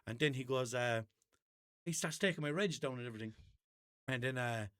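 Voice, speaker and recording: A man's voice: medium pitch, brisk, fairly bright tone, clean tone, no room sound, clean studio sound. A man hosting a podcast, telling rambling stories in casual chat and acting out both sides of his arguments. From Ireland. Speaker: podcast host. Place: indoor room.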